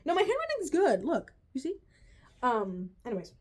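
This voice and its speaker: A woman reviews a TV finale in a casual rant to her viewers, cursing and exasperated, repeatedly saying "bro" and rambling with self-corrections and restarts. She speaks at normal speed in a high voice with huge pitch swings.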